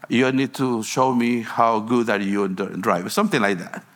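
A man's voice: medium pitch, moderate pace, fairly bright tone. A man from Guatemala, a pastor preaching a sermon in a storytelling way, with broken phrasing and frequent restarts.

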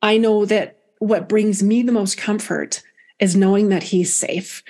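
A woman speaking as a guest medium, telling a personal story softly and thoughtfully. Her voice sits at an ordinary middle pitch, and she often pauses and starts her sentences again. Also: fairly even intonation. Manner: halting, many restarts, soft and reflective.

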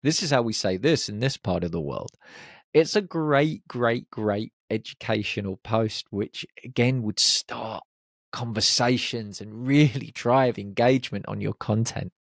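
Here a man with a fairly low, gravelly voice hosts a podcast, coaching listeners on confidence in a cheerful, supportive way and cracking jokes along the way. It's a motivational monologue, captured in a clean studio with no echo.

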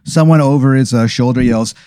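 A man's voice: medium pitch, a little fast, warm tone, clean tone, no echo, clean studio sound. A man improvising a comic scenario as the storyteller, rambling with fillers. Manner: rambling, with fillers, laughing at his own bits. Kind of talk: improvised comedic narration.

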